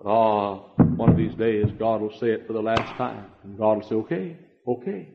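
Emphatic preacher in an echoing hall. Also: male voice, fairly low pitch, monotone, normal speed, a little hiss or hum. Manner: emphatic, repetitive, swinging between quiet and shouting. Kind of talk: sermon. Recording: dull lo-fi recording in a reverberant hall.

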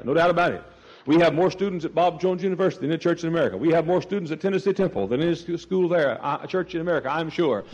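A man's voice: a little high, in a large hall. A man preaching a sermon, telling stories and acting out voices, with many restarts. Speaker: pastor. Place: church sanctuary.

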